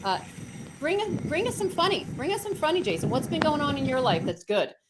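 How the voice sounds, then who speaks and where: A woman's voice: high-pitched, very animated, brisk. A woman hosting a live video stream, chatty and encouraging, reading out viewer comments. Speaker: host. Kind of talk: casual livestream hosting. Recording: faint background noise.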